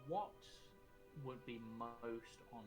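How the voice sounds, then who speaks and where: A male game master narrates a tabletop scene in an unhurried, measured way. His voice sits at a middle pitch, and he pauses and restarts as he builds each description. Soft music plays underneath. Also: rough recording.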